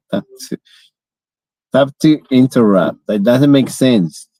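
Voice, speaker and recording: A Spanish man, a native speaker from Spain, vlogs in a casual live stream, joking around and tripping over tongue twisters. His medium-pitched voice is animated and dark-toned, and he takes his time. The recording has no echo but is low quality.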